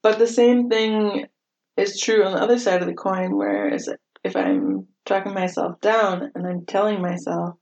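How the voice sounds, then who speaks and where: Woman, middle-aged, podcast host, casual monologue, self-deprecating, laughing, medium pitch, slightly muffled recording. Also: expressive, moderate pace, darkish tone. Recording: slightly dull lo-fi audio.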